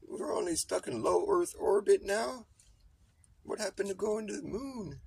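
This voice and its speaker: A man voicing a senile old male astronaut who raves loudly in a high, giddy voice. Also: gravelly, husky, exaggerated voice. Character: senile old male astronaut boasting about faking space.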